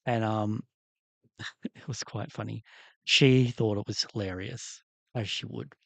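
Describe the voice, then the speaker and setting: A man's voice: fairly low pitch, steady tone, a little slow, vocal fry, a bit bright, no room sound. A man hosting a livestream, chatting casually in a rambling, candid way while he works on a doll. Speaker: livestream host.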